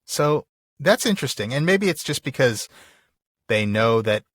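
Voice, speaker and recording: Lively man co-hosting a podcast. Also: mid-range voice, normal speed, dry recording, studio quality. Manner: playful, acts out characters in goofy voices. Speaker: podcast co-host. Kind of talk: casual chat about a book.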